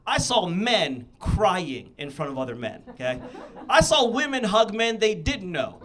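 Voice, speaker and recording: Young male stand-up comic from the Midwest, high and highly animated delivery, acts out his quotes. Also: a little slow. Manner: animated storytelling with exaggerated quoted voices. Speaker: stand-up comedian. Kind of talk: stand-up comedy set. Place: comedy theatre stage before a live audience.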